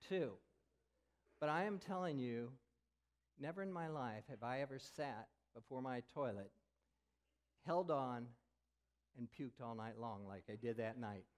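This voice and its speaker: Older man preaching a candid personal story. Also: mid-range voice. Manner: candid storytelling, drops to a whisper for effect. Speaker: pastor. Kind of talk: sermon.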